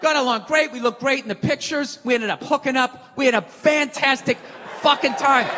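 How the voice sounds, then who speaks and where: A male stand-up comedian ranting on stage into a handheld mic, loud and profane. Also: very high-pitched, in a large hall. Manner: loud, exasperated, profane shouting.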